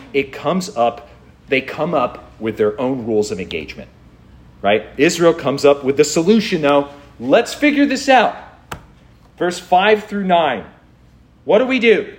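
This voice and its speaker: A man pastor preaching a sermon, reading scripture aloud and pressing his point with incredulous rhetorical questions. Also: on the high side.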